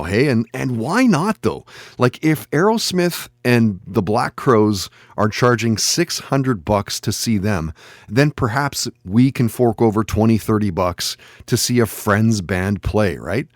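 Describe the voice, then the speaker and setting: Man, podcast host, low voice, dry sound, conversational plugs. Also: dry recording. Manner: upbeat, conversational announcer. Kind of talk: scripted show plugs and guest introductions.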